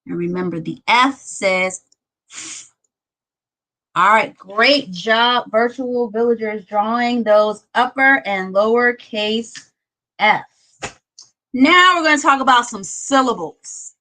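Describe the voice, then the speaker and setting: A woman's voice: fairly high pitch, slow, bright, forceful tone, low-quality recording. A woman teaching a kindergarten lesson, patient and repeating each word as she claps out its syllables. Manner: patient, repeats words while clapping syllables. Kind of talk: children's lesson.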